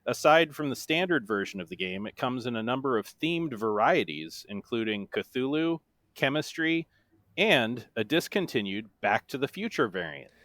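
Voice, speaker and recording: A man reads trivia questions in a measured, plain manner at a middle pitch. The recording is close and dry. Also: sing-song, a bit bright, no room sound. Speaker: guest quiz host.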